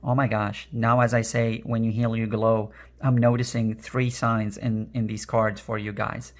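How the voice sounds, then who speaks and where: Raspy-voiced man giving a card reading. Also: fairly low pitch, flat delivery, a little slow. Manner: earnest, repeats phrases, many "uh" fillers. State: emotional, voice strained. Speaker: energy worker and tarot card reader.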